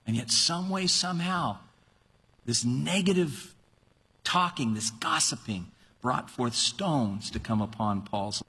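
A male preacher delivering an animated sermon, acting out quoted voices with sudden high-pitched cries. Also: slow pace, slightly rough. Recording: long reverb of a large hall.

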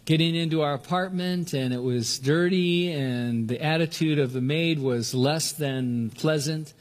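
An older man preaching from the pulpit, his voice sitting a little high for a man. He talks earnestly and often stumbles into restarts. He pushes his pitch up further whenever he stresses a point. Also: unhurried. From Southern California. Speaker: pastor. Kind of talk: sermon.

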